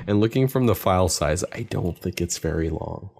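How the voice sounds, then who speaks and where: Deep-voiced man hosting a podcast. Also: lively intonation, moderate pace, a little mellow. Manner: reactive, leads the segments. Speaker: podcast host. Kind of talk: casual chat.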